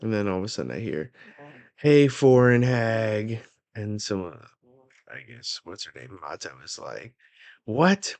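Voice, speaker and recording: A man hosting a manga reaction, reading the chapter aloud with low-key, muttered asides and casual swearing. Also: animated, fairly quick, vocal fry.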